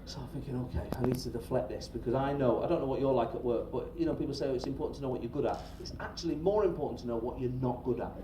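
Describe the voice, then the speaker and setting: A middle-aged man, a stand-up comedian telling a story on stage to a live audience in a chatty, animated way, swearing freely and often checking in with the crowd. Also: mid-range voice, racing, hardly any pauses. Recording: roomy live-venue recording from a distance. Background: audience laughter and crowd noise.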